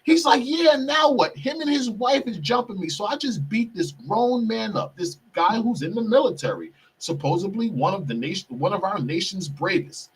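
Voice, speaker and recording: Male podcast host, husky tone, a bit off-mic, profane storyteller who keeps saying "people". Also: high voice, very animated, normal speed, hardly any pauses. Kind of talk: heated storytelling monologue. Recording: distant mic, husky sound.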